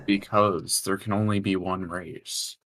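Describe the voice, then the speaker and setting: A man's voice: deep voice, little pitch movement, a little slow, fairly bright tone. A man co-hosting a casual commentary podcast, talking bluntly and mumbling with plenty of fillers. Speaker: podcast co-host. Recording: faint background noise.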